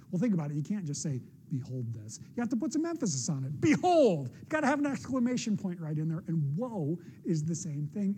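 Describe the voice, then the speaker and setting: A man's voice: high-pitched, warm tone, breathy edge. A middle-aged man, a pastor, preaching a sermon in an earnest, conversational way with personal asides.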